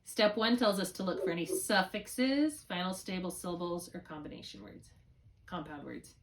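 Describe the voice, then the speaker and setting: A woman's voice: fairly low pitch, normal speed, far from the mic. A woman tutoring one student in spelling, patiently thinking aloud through each step. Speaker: reading tutor.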